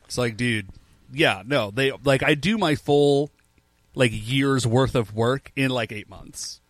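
Speaking slowly in a mid-range voice, a young podcast co-host keeps the chat casual and relaxed, saying "like" often. There is no echo.

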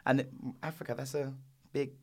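A woman's voice: rumbling low, flat delivery, moderate pace. A woman hosting a casual chat, reading out lists of nominees and laughing often. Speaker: host.

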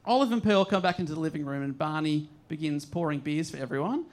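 A man with an Australian accent retelling a play's plot for laughs, animated and laughing through his lines. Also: fairly high pitch, quick pace. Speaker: podcast co-host. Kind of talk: comedic story recap.

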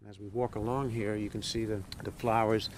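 A man giving a tour of a garden and house, talking in a halting, reflective way with many fillers. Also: fairly low pitch, little pitch movement. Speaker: widower giving a home tour. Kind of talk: interview recollection while walking. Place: garden outdoors. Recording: outdoor noise with passing traffic.

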